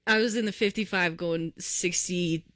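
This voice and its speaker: A young woman co-hosting a podcast, telling a story in casual chat, animated, swearing freely and acting out the people in it, speaking close to the mic. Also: lowish voice, moderate pace, dry recording. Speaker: podcast co-host. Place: podcast recording room.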